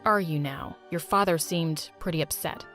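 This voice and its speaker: A quiet, proud young man in an animated story, guarded and subdued, as a woman puts him on. His voice sits lower than her own, with hushed, careful delivery and a faint bed of music behind. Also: normal speed.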